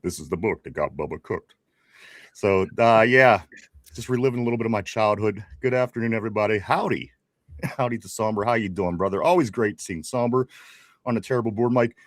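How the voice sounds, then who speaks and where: A man's voice: mid-range voice, fairly quick, no echo, clean studio sound. A man in his forties co-hosting a casual sports talk show with a Pittsburgh accent, rambling, repeating his greetings and laughing often. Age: 40s. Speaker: podcast co-host.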